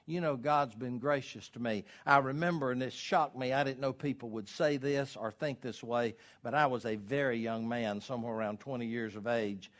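A man preaching a sermon, asking the congregation to fill in words, swelling loud on key words and dropping low to press a point. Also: moderate pace, hardly any pauses. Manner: asks the congregation questions to fill in.

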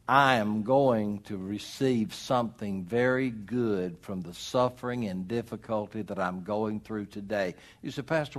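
A middle-aged man preaching a sermon as pastor, swinging between loud emphatic rises and quiet drops. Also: lowish voice.

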